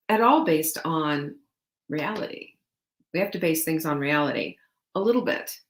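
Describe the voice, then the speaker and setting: A woman's voice: fairly low pitch, echoey room. A woman hosting a live-stream show, talking to her viewers in an earnest, emphatic way, restarting phrases and laughing a little. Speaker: show host.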